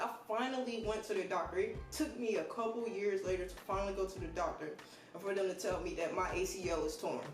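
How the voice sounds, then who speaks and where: A man telling a casual storytime to camera, loose, profane and joking as he goes. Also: high-pitched. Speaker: vlogger. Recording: roomy echo with faint music.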